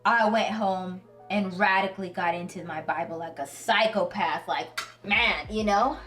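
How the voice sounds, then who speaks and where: A woman giving an earnest, casual Bible talk to her viewers, telling it with lively, slangy storytelling and plain emotion. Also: mid-range voice, a little slow, far from the mic, faint music behind. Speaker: Christian video host.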